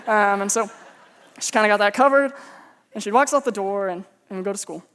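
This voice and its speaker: A man's voice: high voice, a little fast, fairly bright tone, smooth. A man from Texas preaching as a pastor, telling personal stories in a humorous, conversational, self-mocking way. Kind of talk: sermon with personal storytelling.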